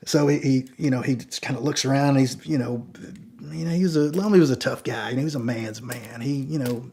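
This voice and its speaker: A man telling a long story in a casual, animated way, with many fillers and repeated words. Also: medium pitch, quick pace, husky. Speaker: storyteller guest.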